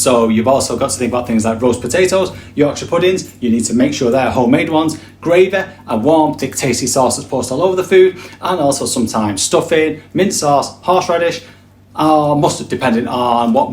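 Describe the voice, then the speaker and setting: A young man with a Manchester accent chatting through a jokey, animated explainer vlog. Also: medium pitch, fairly quick, slight background noise. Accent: Manchester English. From England. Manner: chatty, jokey, animated list-style delivery. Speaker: vlogger. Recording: echoey room.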